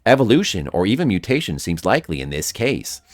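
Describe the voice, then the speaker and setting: A man's voice: lowish voice, very animated, a little fast, no echo, studio quality. A man voicing a nerdy male scientist from a video game, reading the dialogue aloud in an earnest, explanatory way. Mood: explaining.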